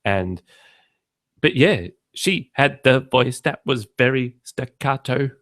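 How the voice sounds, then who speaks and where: A man's voice: mid-range voice, expressive, slow pace, a bit bright, dry recording. A man hosting a podcast in casual chat, telling wry anecdotes and acting out the other people's voices. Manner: dry, wry storyteller who acts out other voices. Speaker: podcast host.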